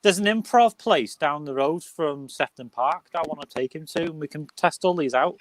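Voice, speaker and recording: A man's voice: on the high side, moderate pace, a little hiss or hum. A man hosting a casual livestream chat, jokey and sweary as he teases his guests. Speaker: livestream host.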